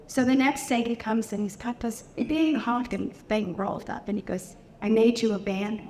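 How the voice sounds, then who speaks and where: Older actress guest, higher voice, chatty fan anecdotes, light hiss under it. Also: female voice, moderate pace. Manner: warm, chatty anecdotes that rise high and laughing at punchlines. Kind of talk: convention Q&A storytelling.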